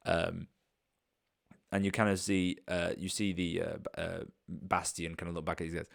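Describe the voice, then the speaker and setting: A man narrating a tabletop game as game master, describing scenes in a relaxed way. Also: low voice, moderate pace, gravelly, dry recording, clean studio sound.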